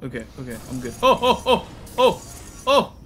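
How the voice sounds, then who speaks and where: A young man gaming on a stream, excitable and prone to panicked yelps. His voice is bright and sits somewhat high, jumping around with lively pitch. Faint noise sits underneath. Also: moderate pace, slightly rough. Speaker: co-op guest player. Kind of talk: casual gaming chat.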